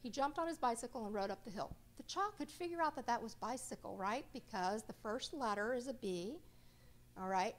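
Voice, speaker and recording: A woman's voice: a little high, fairly bright tone. A middle-aged woman presenting a reading workshop to a live audience. She talks in a chatty way and often checks in with her listeners.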